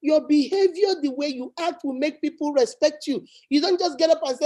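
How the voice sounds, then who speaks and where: A woman's voice: high-pitched, moderate pace, few pauses, dark tone. A woman hosting a talk show, giving emphatic advice and driving her points home. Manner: preachy, emphatic, repeats points. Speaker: channel host. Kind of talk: advice chat.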